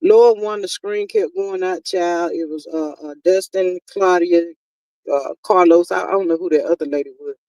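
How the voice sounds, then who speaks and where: A woman's voice: on the low side, darkish tone, no echo, recorded from a distance, low-quality recording. A woman, chatting casually and exasperatedly as a live-stream commentary host. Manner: exasperated, talkative, drawn-out exclamations.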